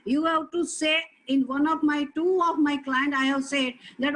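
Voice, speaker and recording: Emphatic high-voiced woman lecturing. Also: fairly even intonation, normal speed, hardly any pauses, fairly bright tone, low-quality recording. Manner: earnest, emphatic advice with repeated stresses.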